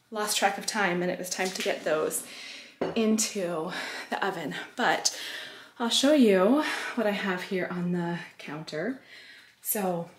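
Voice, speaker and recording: A woman vlogging casually at home, chatting and explaining what she is doing as she goes. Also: mid-range voice. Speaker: homeschooling mom vlogger. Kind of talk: casual day-in-the-life vlog narration. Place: home kitchen. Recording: echoey room.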